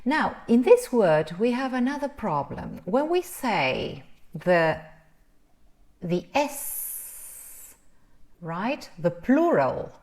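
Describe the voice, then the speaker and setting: Very slow woman teacher. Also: fairly high pitch, sing-song, darkish tone. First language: Spanish. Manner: drawn-out sounds, frequent "right?" checks. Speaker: English pronunciation teacher. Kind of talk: pronunciation lesson.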